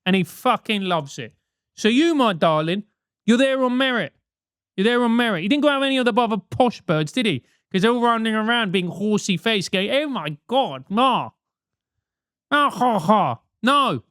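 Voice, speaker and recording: A man's voice: high voice, animated, normal speed, fairly bright tone, clean tone, no echo, studio quality. A British man hosting a comic advice show, talking bluntly with lots of swearing and mockery. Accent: British English. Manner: profane, blunt, mocking.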